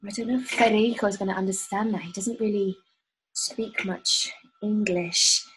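A woman's voice: mid-range voice, steady tone, moderate pace, slightly rough, poor audio. A woman improvising a comic love letter aloud, playful, with muttered asides. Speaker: improv performer. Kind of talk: improvised comedic letter reading.

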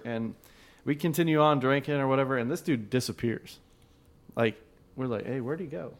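A man's voice: mid-range voice, quick pace. A man in his thirties on a podcast, telling a crude story in casual chat, swearing freely and laughing between lines. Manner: profane, laughing often, loud when excited.

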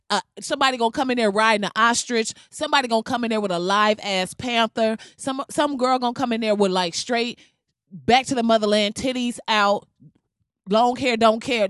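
Animated, slangy podcast host, dry sound. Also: mid-range voice, no room sound. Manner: animated, slangy, profane storytelling with frequent laughs. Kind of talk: casual comedic podcast chat.

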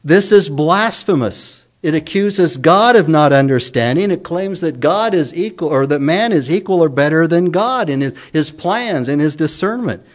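A man preaching an expository sermon, reading scripture aloud slowly and repeating key words for emphasis. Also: a little high, lively intonation. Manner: reads scripture aloud with slow stresses. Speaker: pastor.

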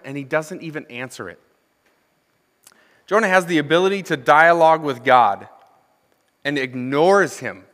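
A young man gives a sermon as associate minister, moving between scripture reading and chatty, humorous asides to the congregation. His voice sits somewhat high for a man. It rings out with a long reverb, as from a church sanctuary. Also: fairly bright tone. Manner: conversational, asks the congregation questions; reads scripture then comments with humor.

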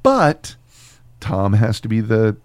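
A man's voice: on the low side, wildly swooping pitch, slow, clean tone, no echo. A man co-hosting a podcast, joking and swearing as he riffs with a friend. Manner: profane, jokey, riffs into silly voices. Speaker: podcast co-host. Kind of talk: casual chat.

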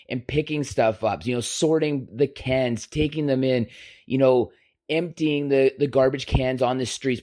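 A man's voice: mid-range voice, darkish tone. A man giving an impassioned monologue, repeating emphatic rhetorical questions. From Canada.

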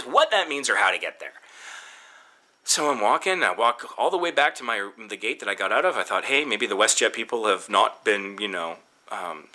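Animated, exasperated man telling a story. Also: mid-range voice. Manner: exasperated, animated, quotes himself and others. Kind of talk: casual storytelling rant.

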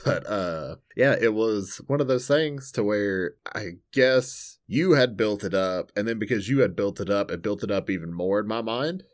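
A man's voice: on the low side, moderate pace, few pauses. An American man co-hosting a podcast, telling stories casually with plenty of swearing. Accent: American English. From United States. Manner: sweary, animated storytelling. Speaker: podcast co-host. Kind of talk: casual chat.

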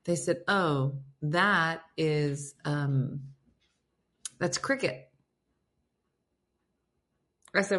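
A woman's voice: low-pitched, slow, long pauses. A woman hosting a casual live stream, chatting and storytelling as she reads viewer comments aloud and answers them. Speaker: host reading viewer comments.

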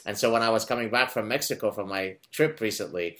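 A middle-aged man from Lebanon hosting a conversational interview, telling animated stories with many fillers and restarts. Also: fairly low pitch, quick pace, slight background noise. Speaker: podcast host.

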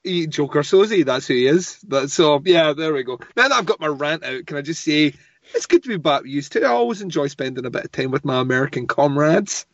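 A man's voice: a little high, lively intonation, a little fast, no echo, dull audio. A man co-hosting a casual podcast, ranting with lots of swearing and frequent laughter. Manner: profane, ranting, laughs often. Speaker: podcast co-host.

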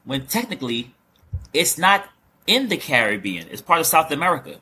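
Bright, husky-voiced man asking questions. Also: fairly high pitch, big pitch swings, moderate pace. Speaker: interviewer. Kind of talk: casual interview chat.

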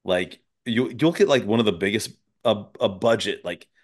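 Low-voiced, profane podcast host, a man. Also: expressive, moderate pace. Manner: loose and profane, laughs often. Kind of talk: casual conversation.

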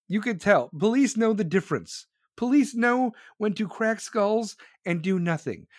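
A man's voice: sits high, dry recording, clean studio sound. A man delivering profane political commentary in a crude, sarcastic manner.

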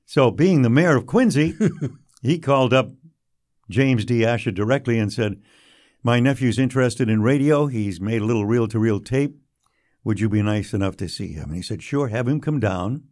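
An older man, a radio broadcaster recalling his early career in an unhurried, anecdotal interview manner. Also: mid-range voice, expressive. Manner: warm anecdotal storytelling, drops quietly for quoted lines. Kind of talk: storytelling interview.

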